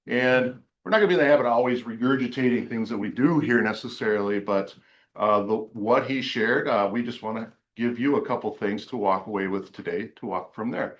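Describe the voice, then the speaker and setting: A man leading a team workshop in a meeting room, joking and energetic as he runs practice drills. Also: mid-range voice. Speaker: team leader coaching agents. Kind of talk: workshop coaching talk.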